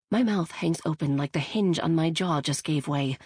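A woman's voice: sits low, moderate pace, a little mellow, breathy edge, no room sound. A woman narrating a first-person audiobook in a chatty, self-deprecating way, on a close studio mic.

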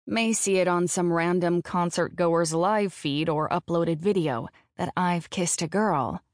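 A woman's voice: lowish voice, no echo. A woman narrating a first-person audiobook in a frank, profane voice on a close studio mic.

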